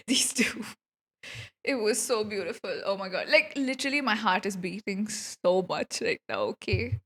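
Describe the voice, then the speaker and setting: Gushing, excitable streamer woman. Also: medium pitch. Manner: gushing, excitable, giggly, fangirling. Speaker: gaming streamer reacting to a quest. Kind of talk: casual reaction commentary.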